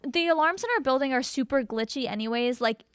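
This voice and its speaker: Young woman co-host, high voice, dry close sound, animated storyteller. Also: brisk, clear, resonant tone, no echo. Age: 20s. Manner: animated, acts out quotes with big pitch jumps. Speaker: podcast co-host. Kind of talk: casual storytelling chat.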